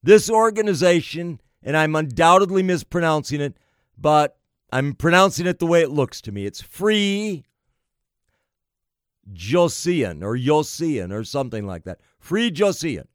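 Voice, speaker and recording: A man delivering an emphatic political monologue, slow and deliberate, piling up phrase after phrase. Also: on the high side, animated, no echo, studio quality. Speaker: political commentator.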